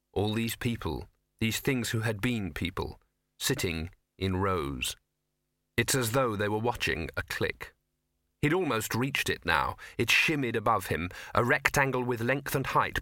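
A man reads an audiobook with measured, expressive storytelling. His voice is bright and forward, recorded dry and close. The pitch sits in a middle range for a man. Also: dry recording. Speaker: narrator. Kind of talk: audiobook narration.

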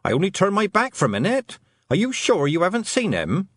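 A man's voice: medium pitch, wildly swooping pitch, fast, a little mellow, husky, dry recording, studio quality. A man voicing a frantic mother searching for her lost child, urgent and demanding. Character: frantic worried farm mother.

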